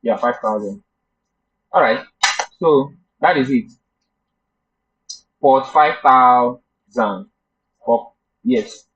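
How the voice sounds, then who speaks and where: A man's voice: mid-range voice, expressive, drawn-out words, pauses often, a bit bright, slightly rough. A man teaching a live coding class, thinking aloud as he debugs and chatting with his students. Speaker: coding instructor. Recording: muffled lo-fi class recording.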